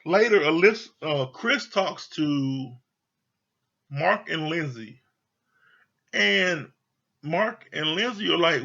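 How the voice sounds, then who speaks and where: A man rants through a profane show review in a high, bright and slightly husky voice. He talks bluntly and mockingly, with plenty of exasperation. The audio is dull and lo-fi. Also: animated, takes it slowly, long pauses. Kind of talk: casual profane rant.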